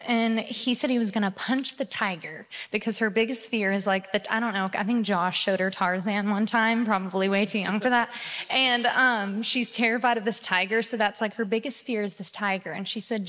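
A young woman giving a personal testimony at church, talking in a chatty way full of fillers and excited retellings. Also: mid-range voice. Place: church sanctuary. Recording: reverberant church hall.

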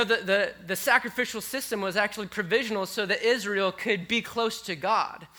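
A male preacher with a high, bright voice. He talks to his congregation in a casual, conversational way. He goes quiet and intimate, then rises with animated energy. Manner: conversational, animated, swinging between hushed and excited. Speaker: pastor. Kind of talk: sermon.

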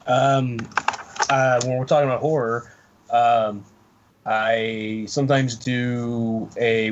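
A man's voice: mid-range voice, dull audio. Rambling man in casual chat. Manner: rambling, halting with many fillers. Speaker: podcast guest artist.

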